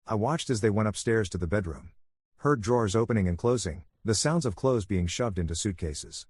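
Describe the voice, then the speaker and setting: Man, soothing first-person story narration, husky, lowish voice, dry recording. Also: brisk, dry recording. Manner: soothing and even.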